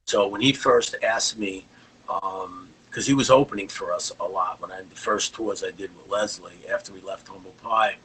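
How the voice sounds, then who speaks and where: A man's voice: deep voice, steady tone, moderate pace, pushed and bright, husky, poor audio. An older man, a guest rock guitarist, telling rambling anecdotes in a casual interview.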